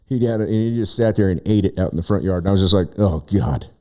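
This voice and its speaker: A man's voice: deep voice, fast talker. A man from Oregon chatting casually in a studio, telling a long rambling story with lots of fillers and restarts. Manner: rambling, animated storyteller who shouts out quoted lines. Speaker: guest, visiting brother. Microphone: studio microphone.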